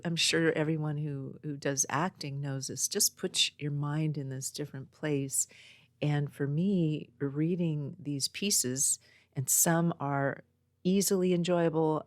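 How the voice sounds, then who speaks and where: A woman's voice: deep voice, no echo. A woman from Northern California hosting her own podcast, chatting in a meandering storytelling way. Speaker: podcast host. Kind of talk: casual chat. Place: home next to a small post office. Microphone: own podcast mic.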